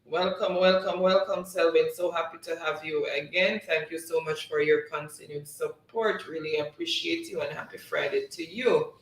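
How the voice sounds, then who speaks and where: A man's voice: on the high side, steady tone, moderate pace, few pauses, fairly bright tone, recorded from a distance. A man hosting a live trivia stream, chatting casually, reading viewer comments aloud and often breaking into laughter. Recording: roomy sound, voice set back from the mic.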